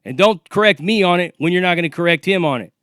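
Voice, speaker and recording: A man's voice: sits high, lively intonation, fast, a bit bright, clean tone, dry recording, studio quality. Profane, confrontational man in his forties. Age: 40s. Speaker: vlogger. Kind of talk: ranting monologue to camera.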